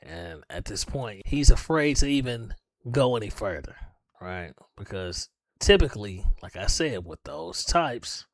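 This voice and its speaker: A man's voice: lowish voice, unhurried, dry recording. Guy reacting to a clip, laid back, keeps saying right?, dead dry sound. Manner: calm, explanatory, keeps adding "right?". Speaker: reaction channel host. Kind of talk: reaction commentary.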